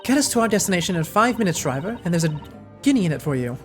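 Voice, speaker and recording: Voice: medium pitch, sing-song, rapid-fire, soft background music, lightly acted. Streamer voicing a courteous young woman assistant, earnest.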